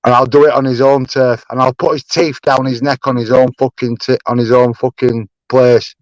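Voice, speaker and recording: A man's voice: mid-range voice, level tone, brisk, dry recording, dull audio. A young man, ranting angrily and swearing on a live-stream panel. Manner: angry, swearing, repetitive.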